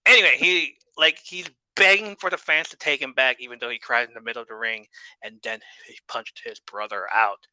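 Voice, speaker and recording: A man talks through a TV episode in a loose, joking way, swearing freely and laughing at the show. His voice is very bright and cutting, and the recording is dry and close. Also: mid-range voice, brisk, smooth, dry recording, low-quality recording. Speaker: podcast host. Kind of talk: casual TV episode recap.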